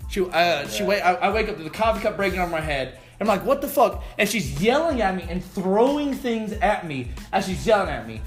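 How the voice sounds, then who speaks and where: Young guy guest, high voice, lively swearing storyteller, roomy sound. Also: a little fast, hardly any pauses, faint music behind. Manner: animated, swearing, acting out quotes. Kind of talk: casual storytelling.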